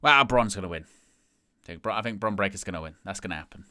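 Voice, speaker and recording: A man's voice: low voice, lively intonation, fast talker, pushed and bright, no echo. A man hosting a live stream, giving casual watch-along commentary and thinking aloud as he talks.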